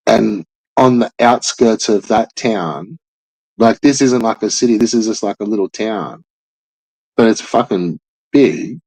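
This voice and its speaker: A man's voice: on the low side, a little slow, vocal fry, darkish tone, no room sound, poor audio. A young man hosting a casual chat, rambling loosely with lots of filler words and swearing. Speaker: podcast host.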